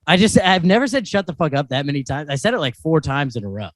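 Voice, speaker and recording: Young male comedian podcast co-host; lively, quotes people in character, dry mic. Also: a little high, quick pace, few pauses, no room sound. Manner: animated, laughs often, acts out quotes. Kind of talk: casual chat, storytelling.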